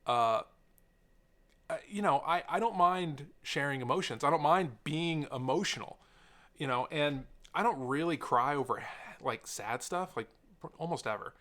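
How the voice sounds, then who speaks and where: A young man sits and talks straight to the camera in an unscripted vlog. His voice is bright and forward, and he drifts between sidetracks with plenty of fillers. He speaks earnestly and openly. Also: on the high side, expressive, unhurried. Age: young adult. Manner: rambling, sidetracked, many fillers. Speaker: tech YouTuber. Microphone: camera mic, seated talking to camera.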